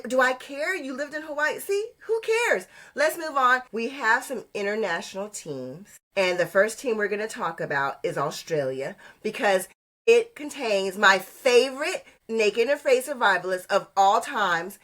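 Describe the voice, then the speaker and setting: A woman's voice: on the high side, animated, moderate pace, fairly bright tone. A woman from Texas, co-hosting a podcast in sassy, emphatic casual chat full of Southern sayings. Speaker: podcast co-host.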